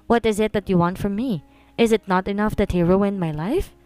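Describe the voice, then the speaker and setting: A woman voicing a defiant young heiress who answers with sharp, snappish retorts. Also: mid-range voice, brisk, clear, resonant tone, no room sound, natural voice.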